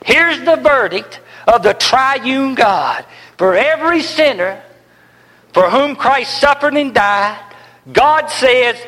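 A man preaching a sermon, with emphatic repeated phrases that swing from loud declarations to hushed near-whispers. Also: very high-pitched, expressive, slow pace. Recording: long reverb in a large hall.

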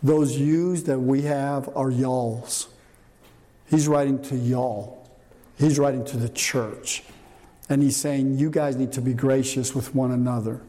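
A man's voice: mid-range voice, fairly even intonation, measured pace, mellow. Older male pastor in a reverberant hall. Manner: conversational, asks the room questions. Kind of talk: sermon with audience questions. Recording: long reverb in a hall, faint noise.

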